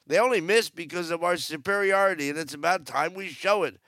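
A man's voice: high-pitched, brisk, pushed and bright, no room sound, clean studio sound. A man in his seventies hosting a podcast, giving blunt, rambling, sarcastic news commentary. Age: 70s. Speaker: podcast host. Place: aboard a cruise ship.

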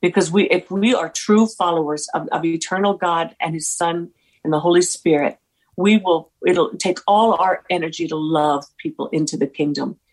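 A woman speaks in a slightly low register as an interview guest. She tells faith stories with earnest warmth and animated retellings of dialogue. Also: moderate pace, poor audio. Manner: earnest, animated storyteller acting out quoted dialogue. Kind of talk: faith-focused interview storytelling.

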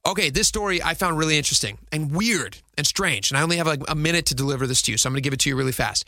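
A man's voice: a little high, rapid-fire, sharp tone, no room sound, studio quality. A man in his thirties hosting a radio talk show, chatty and upbeat with rambling asides. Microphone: studio mic.

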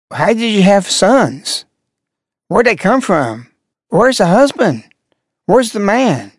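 A man's voice: high voice, sing-song, takes it slowly, no room sound, studio quality. An older man, a religious broadcaster, commenting sarcastically and mockingly on clips he plays.

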